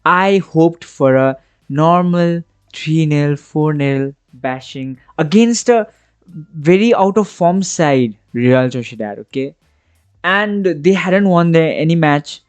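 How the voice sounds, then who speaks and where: A man's voice: on the high side, animated, slow pace, clean tone, dry recording. A man hosting a football reaction vlog, ranting with passion and exasperation, and often checking in with the listener. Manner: passionate, exasperated ranting with frequent tag questions. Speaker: football fan channel host.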